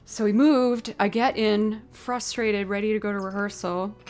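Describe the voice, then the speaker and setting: A woman chatting with her stream viewers, telling a story in an animated way and acting out the voices of the people in it. Her pitch sits in an ordinary middle range. Faint music plays underneath her. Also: moderate pace. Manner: animated storytelling, acting out both sides of a conversation. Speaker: livestream musician. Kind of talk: casual chat with live stream viewers.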